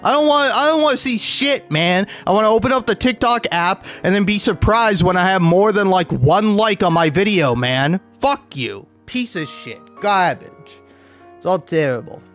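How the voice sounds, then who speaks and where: A man with a fairly high voice rants through a stream, stammering and cursing as he goes. Faint music plays behind him. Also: animated, normal speed, fairly bright tone. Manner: profane, stammering, ranting. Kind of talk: ranting stream commentary.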